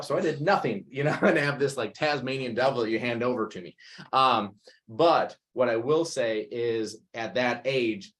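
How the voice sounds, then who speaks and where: A man, a retriever dog trainer answering questions in an animated way, acting out scenes as he goes. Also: lowish voice. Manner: animated, acts out scenes in quick bursts. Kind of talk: masterclass Q&A answer.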